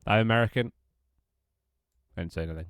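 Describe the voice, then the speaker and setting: A man's voice: on the low side, quick pace, fairly bright tone, clean tone, no echo. Stuffy-nosed man streaming. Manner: rambling, self-mocking, swears casually. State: stuffy, congested nose. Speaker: game developer streaming live. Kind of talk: casual live-stream chat.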